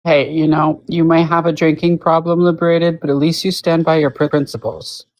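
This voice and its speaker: A woman voicing a sarcastic imagined speaker in a low put-on voice, mocking herself. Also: flat delivery, moderate pace, a little mellow, no echo, close to an everyday voice, rough recording.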